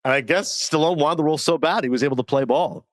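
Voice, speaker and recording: A man's voice: fairly high pitch, no echo. A middle-aged man from Canada, a podcast guest who races through stories and acts out the quotes. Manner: quick anecdotes with acted-out quotes. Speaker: guest, film and sports commentator. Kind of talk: casual chat.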